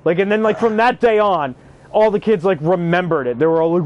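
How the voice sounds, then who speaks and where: Animated, profane young man telling stories. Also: high voice, brisk, muffled recording. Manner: animated, profane, acts out quotes. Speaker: youth care worker. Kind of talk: casual storytelling while gaming.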